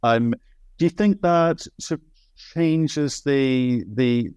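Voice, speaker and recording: A man's voice: medium pitch, slow pace, a little mellow, clean tone, no echo. A man hosting an interview in a casual, wry manner, asking long, rambling questions full of restarts. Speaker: interview host.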